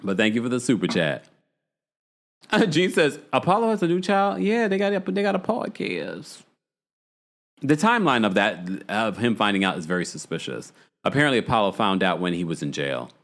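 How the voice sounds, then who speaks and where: A man hosting a casual livestream recap, chatting with his viewers and reading their comments aloud, talking in an animated way with frequent laughs and sudden jumps in pitch for emphasis. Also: normal speed. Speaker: host reading live chat.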